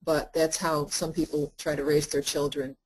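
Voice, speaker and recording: A woman therapist lecturing to practitioners in an earnest, conversational way, with frequent pauses and fillers. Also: low-pitched, flat delivery, husky, poor audio. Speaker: therapist teaching a workshop.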